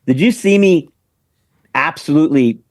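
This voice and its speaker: Casting note: male podcast host, slightly higher voice, loose and jokey, swears casually. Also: lively intonation, moderate pace. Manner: laid-back, joking, swears, calls people "baby" and "bro".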